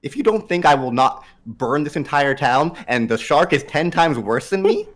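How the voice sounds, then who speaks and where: A man playing a tabletop game in character, stammering and quietly menacing. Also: expressive, moderate pace. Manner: stammering, low-key menacing. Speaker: player. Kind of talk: in-character tabletop role-play.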